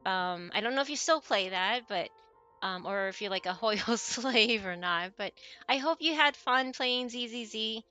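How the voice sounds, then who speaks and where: A woman streams live and talks casually to her viewers. Her voice sits a little high and bright, with a crisp edge. She is chatty and giggly, drifts off mid-thought and starts over, and soft music plays faintly under her. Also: animated, normal speed. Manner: chatty and giggly, trailing off and restarting.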